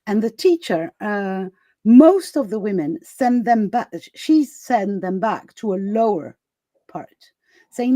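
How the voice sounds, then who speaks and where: A woman's voice: medium pitch, animated, takes it slowly, warm tone, no echo. A woman hosting a live summit chat, casual and full of laughter, fillers and restarts, speaking over a video call. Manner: chatty, laughs often, many fillers and restarts. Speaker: summit host.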